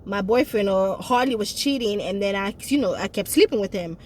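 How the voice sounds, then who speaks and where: A woman voicing a remorseful young woman who admits her own fault, lower and quieter than her usual talk. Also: lively intonation, a little fast, a little hiss or hum, close to an everyday voice.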